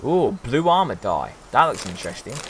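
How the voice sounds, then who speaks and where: A man's voice: medium pitch, big pitch swings, normal speed, slight background noise. A young man from the UK giving casual let's-play commentary as a streamer, rambling and exclamatory with lots of ums. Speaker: gaming streamer.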